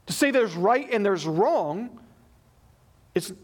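A man's voice: sits high, slow. A man preaching a sermon in church as pastor, acting out the people he quotes as he tells the story. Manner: animated, acts out quoted people in his retelling.

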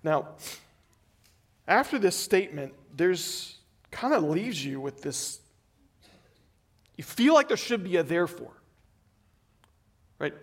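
A male preacher with a high-pitched voice delivering an earnest sermon. He pushes some lines out with emphasis, then drops to a near murmur on others. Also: sing-song, slow, long pauses, slightly rough. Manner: earnest, swings from emphatic to very quiet.

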